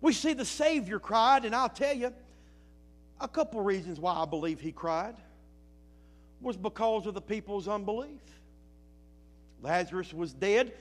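High-voiced preacher man. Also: lively intonation. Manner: preaching with rising and falling intensity, slow emphatic phrases. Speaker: pastor. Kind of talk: sermon.

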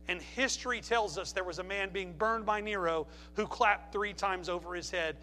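A man's voice: high voice, moderate pace, few pauses, bright, forceful tone, soft background music. A man preaching a sermon, telling stories with passionate emphasis. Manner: impassioned preaching with storytelling. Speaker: pastor.

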